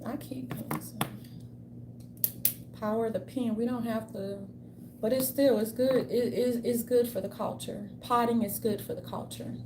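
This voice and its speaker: A woman vlogger speaks in a fairly high, steady voice at an unhurried pace over heavy background noise. Her casual opinion rant is blunt and full of swearing, rambling with many restarts, and the room adds echo and faint ambience.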